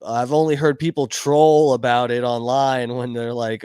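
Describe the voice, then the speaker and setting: A man's voice: mid-range voice, steady tone, normal speed, hardly any pauses, darkish tone, smooth, no echo, studio quality. A man streaming live, reacting to speeches with crude, rambling, joking commentary full of fillers.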